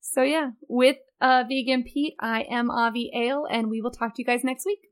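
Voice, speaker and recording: A woman's voice: fairly high pitch, fairly even intonation, normal speed. A woman co-hosting a live-streamed podcast in casual chat, teasing her partner and laughing often. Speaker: podcast co-host.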